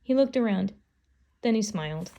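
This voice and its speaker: A woman reads a children's story aloud in a calm, unhurried way. Her narration is steady and clear, at an everyday middle pitch. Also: lo-fi sound. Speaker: storybook reader. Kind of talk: reading a children's book aloud.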